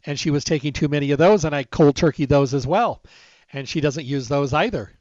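A man's voice: on the high side, no room sound. A man hosting a casual health talk, telling a personal story and acting out the dialogue in a conversational way. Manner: conversational, retells dialogue, stresses repeated words. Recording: dull dry lo-fi recording.

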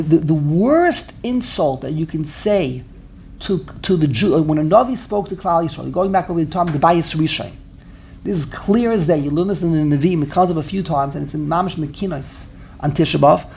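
A man teaching a Torah class in an animated way, often repeating words while he searches for phrasing. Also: high voice, vocal fry, a little hiss or hum.

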